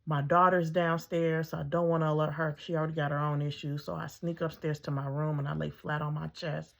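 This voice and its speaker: A woman's voice: deep voice, flat delivery, brisk, creaky, few pauses. A middle-aged woman, a mother, telling her own story in a casual, conversational way, full of ums and acting out her own thoughts.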